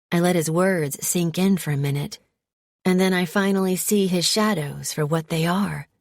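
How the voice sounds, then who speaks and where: Woman reading a romance audiobook, low voice, slow and calm, dry close sound. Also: no echo. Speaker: audiobook narrator. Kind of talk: first-person romance audiobook narration.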